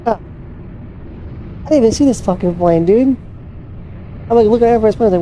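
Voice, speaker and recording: A woman's voice: a little high, a little fast, dark tone, slight background noise. A woman casually commenting to herself while playing a flight simulator, swearing freely as she hunts for her plane. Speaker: flight sim streamer.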